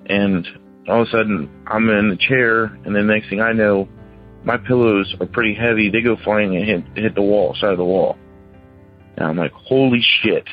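Here a thirty-something man phones in to tell a ghost story, rambling casually and performing the quoted voices himself. His tone is steady and lowish at a moderate pace, heard through a tinny phone connection with faint music.

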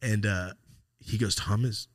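A man's voice: low-pitched, a little fast. A man hosting a podcast, telling a profane story in casual chat and acting out the voices of the people in it. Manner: profane, animated, acts out voices in his stories. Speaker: podcast host.

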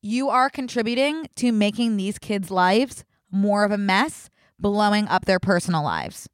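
A woman's voice: mid-range voice, animated, measured pace, no room sound, clean studio sound. A young woman co-hosting a casual podcast, chatty and candid, laughing easily. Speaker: podcast co-host. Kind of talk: casual chat.

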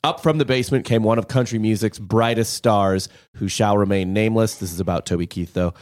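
A man reading a story aloud on a podcast in a plain, slightly halting manner. His voice is lowish, and the sound is dry and close. He reads steadily, stopping now and then to correct himself. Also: a little mellow, no echo.

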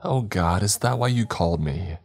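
A man voicing an anxious middle-aged mother who pleads and defends herself, his pitch lifted well above his own. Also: expressive, normal speed, gravelly, a little mellow, faint music behind, heavily acted. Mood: defensive.

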